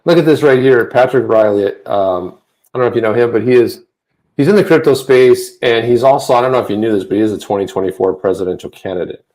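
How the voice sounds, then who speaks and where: A man co-hosting a casual livestream chat, rambling with many restarts and getting animated when he rants. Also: medium pitch, quick pace. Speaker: co-host. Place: home office.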